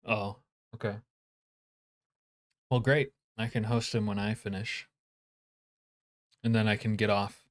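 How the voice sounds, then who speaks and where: A man's voice: on the low side, flat delivery, slow pace, pauses often. Profane, joking male game streamer. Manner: profane, joking, grumbling at chat. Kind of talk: casual live-stream chat.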